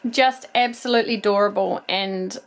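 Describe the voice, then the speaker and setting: Her voice is mid-range and creaky, moving at a moderate pace. She's a toy-collecting vlogger in her thirties with a New Zealand accent, chatting casually through a haul video and rambling a bit about her finds, saying um often.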